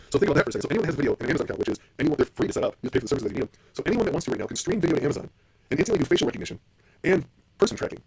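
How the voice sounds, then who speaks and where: A man's voice: a little high, vocal fry, darkish tone, slightly rough. A middle-aged man hosting a casual solo podcast, blunt and profane as he rants about business. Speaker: podcast host.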